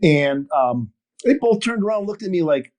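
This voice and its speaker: An older man from northern Wisconsin telling a long story in an interview, animated and full of restarts. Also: high voice, moderate pace. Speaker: podcast guest, fishing TV host. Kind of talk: storytelling interview over a call.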